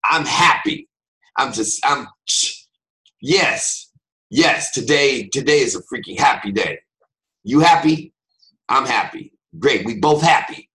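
A man playing a grumpy adult who loudly insists he is happy, exasperated and mock-cheerful, in a higher, louder voice than his own. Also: expressive, takes it slowly, echoey room, poor audio.

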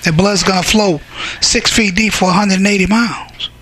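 High, bright-voiced fervent male preacher. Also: steady tone, moderate pace. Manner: fervent, bursts into shouting, dramatizes scripture. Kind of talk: sermon.

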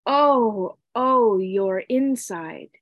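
A woman voicing two small sexless creatures made of dirt who moan along softly and answer firmly. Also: medium pitch, a little slow, highs cut off, lightly acted. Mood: sympathetic. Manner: echoing moans, soft and steady.

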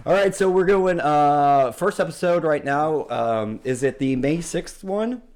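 A man's voice: fairly high pitch, expressive, unhurried, a little mellow, clear, resonant tone. A man hosting a podcast in casual chat, rambling and profane with many fillers. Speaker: podcast host.

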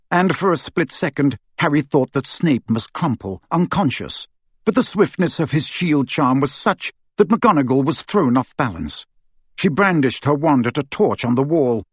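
A man narrating a fantasy audiobook in an expressive storytelling manner. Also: mid-range voice, husky, no room sound. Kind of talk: scripted narration.

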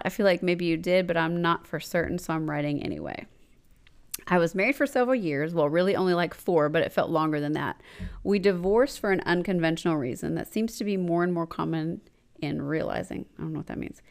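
A woman in her forties co-hosting a casual podcast, reading a listener letter aloud with dramatic pauses and frequent laughter. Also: on the low side. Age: 40s. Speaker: podcast co-host.

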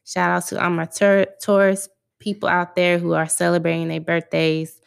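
A woman's voice: lowish voice, monotone, normal speed, creaky, smooth. A young adult woman hosting her own podcast, chatting casually in a laid-back, slangy way. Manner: laid-back, conversational, loose slangy phrasing. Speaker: podcast host. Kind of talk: casual solo podcast chat.

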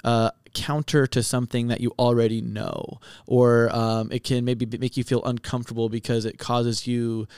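Smooth-voiced young man rambling casually. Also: medium pitch, level tone, normal speed, hardly any pauses, darkish tone, no echo, clean studio sound. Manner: rambling, thinks aloud with many fillers. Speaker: podcast co-host. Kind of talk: casual podcast chat.

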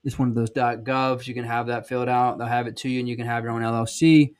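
With a Southern accent from South Georgia, this thirty-something sales trainer hosts a podcast, offering blunt, folksy, emphatic advice in a casual monologue full of ums and restarts. He talks fast in a smooth, mid-range voice with a level tone.

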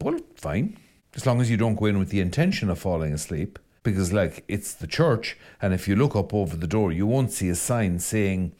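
A middle-aged Irish priest giving a podcast talk, chatty and coaxing as he teases his listeners along. His voice sits at an ordinary pitch, but it rises and falls a great deal, leaping high when he pushes a point. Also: huge pitch swings, a little fast, a little mellow. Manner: conversational, teasing and exhorting.

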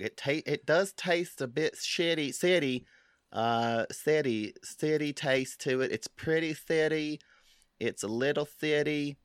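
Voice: mid-range voice, sharp tone, no room sound, clean studio sound. A performer playing a flirty, scatterbrained woman judge on a cooking show, camp and teasing. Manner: camp, teasing, bawdy banter. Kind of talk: improvised comedy role-play.

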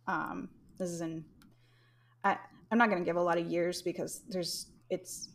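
A woman's voice: fairly low pitch, little pitch movement, normal speed, creaky. A young woman hosting a casual podcast, telling history in a rambling way with frequent laughs. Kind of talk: casual chat.

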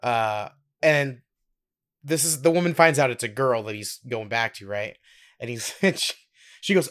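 A young man co-hosting a podcast, telling a story in a casual, giggly, animated way. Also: medium pitch, normal speed, long pauses. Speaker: podcast co-host.

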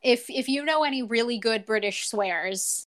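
A woman's voice: on the high side, crowd noise. A woman co-hosting a casual book discussion podcast, chatting and reading short passages aloud. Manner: chatty, reads passages aloud with quick asides. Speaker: podcast co-host.

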